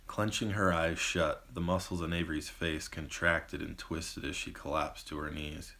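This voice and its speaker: A man, the author, reading his own novel as measured audiobook narration. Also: rumbling low, flat delivery, bright, forceful tone. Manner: measured storytelling.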